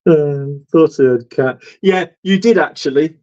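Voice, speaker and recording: A man hosting a casual livestream, rambling with lots of ums and soft laughs. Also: a little high, slow pace, highs cut off. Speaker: livestream host. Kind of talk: casual livestream chat reading viewer comments.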